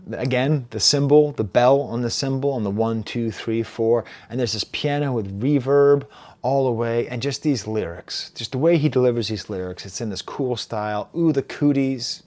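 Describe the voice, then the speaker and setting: A man in his forties giving a casual, animated album review, reading lyrics aloud and laughing at himself. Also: mid-range voice, normal speed. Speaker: music reviewer.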